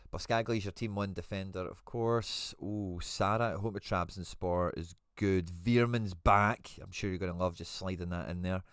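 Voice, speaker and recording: A man's voice: sits low, fairly even intonation, normal speed, hardly any pauses, a bit bright, clear, resonant tone, no echo, clean studio sound. A man hosting a live stream, chatting casually and thinking aloud as he answers viewer comments. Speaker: host.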